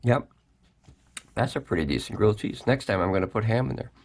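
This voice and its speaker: A man's voice: on the low side, lively intonation, fairly quick, darkish tone. A man hosting a casual product review vlog, chatty and folksy, talking straight to his viewers from a home kitchen.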